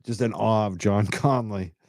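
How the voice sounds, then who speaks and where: A man's voice: on the low side, steady tone, a little slow, darkish tone, no room sound, studio quality. A man hosting a livestream, chatting casually, reading out viewer comments and laughing between lines. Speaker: livestream host.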